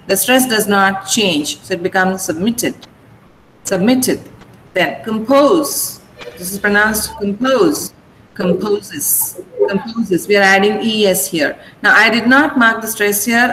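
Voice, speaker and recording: A woman with an Indian English accent who teaches pronunciation in an online class, slowly repeating words and stressing syllables. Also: medium pitch, a bit bright. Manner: slow, deliberate, repeats words for pronunciation drills. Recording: echoey room with faint noise.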